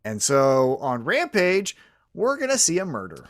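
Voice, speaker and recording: A man co-hosting a casual wrestling talk show, lively and acting out quotes while pitching storylines. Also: a little slow. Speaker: podcast co-host. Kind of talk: casual chat.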